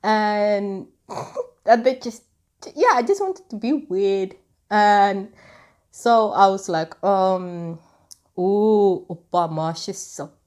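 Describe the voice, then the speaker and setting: A woman's voice: mid-range voice, lively intonation, drawn-out words, a little mellow. A young woman vlogger telling a story to the camera in a casual, rambling way, with lots of filler words. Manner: rambling and chatty, full of "like" and "anywho".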